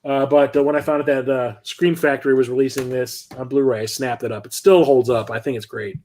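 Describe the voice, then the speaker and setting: A man's voice: mid-range voice, steady tone, brisk, a little mellow. A middle-aged man hosting a stream about his film collection, chatting casually and rambling with lots of fillers and the odd curse.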